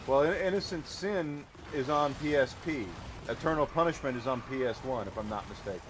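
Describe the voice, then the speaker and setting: Male streamer, casual live-play commentary, mid-pitched voice, faint background hum. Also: brisk. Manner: chatty, thanks viewers while playing. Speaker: game streamer.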